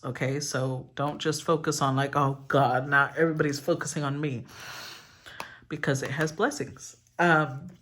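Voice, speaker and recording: A woman's voice: on the low side, fairly bright tone. A woman giving a casual collective tarot reading, talking in a rambling, candid way and swearing freely. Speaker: tarot reader.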